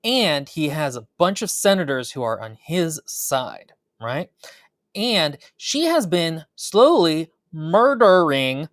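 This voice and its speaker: A woman's voice: low-pitched, very animated, slow pace, no room sound. A woman co-hosting a book review podcast, giving sarcastic, dry commentary in casual chat. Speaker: podcast co-host.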